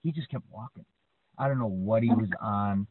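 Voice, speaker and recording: A podcast co-host with a lowish voice chats casually at a moderate pace, telling stories animatedly and tagging many lines with "right?". The line sounds dry and tinny, like a phone, with heavy background noise.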